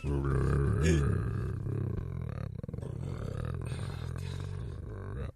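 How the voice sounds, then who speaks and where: A man's voice: rumbling low, extremely slow, creaky, breathy edge, no echo. A man hosting a podcast, chatting casually and teasing his co-host before the show. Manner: teasing, animated, laughs often. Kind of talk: casual pre-show banter.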